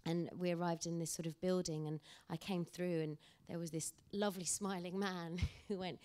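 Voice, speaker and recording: A woman with a notably low voice talks as a guest at an onstage panel discussion. She tells her anecdotes in an animated, storytelling way. Her tone and clarity stay plain and ordinary. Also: normal speed, few pauses. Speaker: actor guest.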